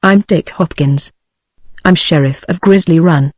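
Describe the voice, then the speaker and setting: A text-to-speech woman's voice with a British English accent, reading the lines of a desperate middle-aged male frontier sheriff in a storybook, in a flat way. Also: on the low side, unhurried, dry recording, clean studio sound. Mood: pleading. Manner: flat synthetic reading of dialogue.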